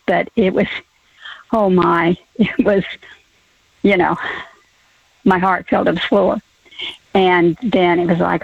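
An older woman calling in to a radio talk show, telling a personal story hesitantly with many pauses and soft laughs. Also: lowish voice, steady tone, vocal fry, husky, dry recording. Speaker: caller. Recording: muffled phone line.

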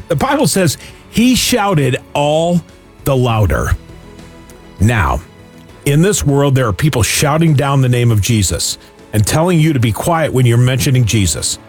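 A man hosting a radio fundraising appeal, his pitch rising and falling a lot as he tells Bible stories. He acts out the cries and the shushing, with soft music under his voice. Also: breathy edge. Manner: animated, acts out shouts and hushes in his stories.

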